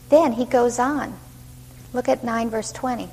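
A woman teaching scripture to a group in a fairly high voice, putting lively questions to her listeners as she goes. Her voice rings with long hall reverb, and a faint hum sits underneath. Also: normal speed. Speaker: Bible teacher. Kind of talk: Bible study teaching.

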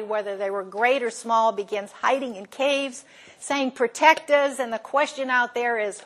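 Leading a Bible study class, a woman whose voice sits a little high brings the story to life as she retells it. She keeps asking the group questions, only to supply the answers on her own.

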